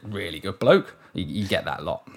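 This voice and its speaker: A man's voice: low voice, animated, normal speed. Englishman, surf commentator guest, loose rambling chat with restarts and easy swearing. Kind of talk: casual interview chat.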